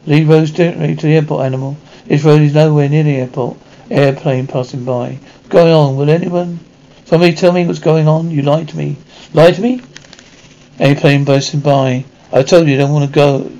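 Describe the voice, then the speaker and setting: A man acting in a 1980s TV action drama, trading brisk, gruff banter, heard on a dull lo-fi TV soundtrack. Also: fairly high pitch, warm tone. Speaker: TV actor.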